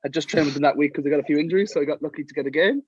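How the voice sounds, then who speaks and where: A young Irish man telling lively anecdotes as a guest on a casual podcast, acting out the quotes in his stories. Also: fairly high pitch, very fast, breathy edge, no room sound, highs cut off. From Sligo, Ireland. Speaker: guest, professional rugby player.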